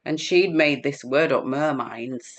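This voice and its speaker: A woman's voice: a bass voice, unhurried. A middle-aged English woman chatting as an interview guest, rambling and laughing often. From England. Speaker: guest healer. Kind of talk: casual chat.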